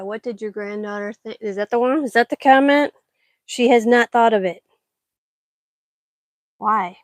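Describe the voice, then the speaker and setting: Potting seeds in a greenhouse, this middle-aged vlogger keeps up a chatty stream of talk, turning to address her pets mid-task. Her voice sits fairly high, and the recording is dry.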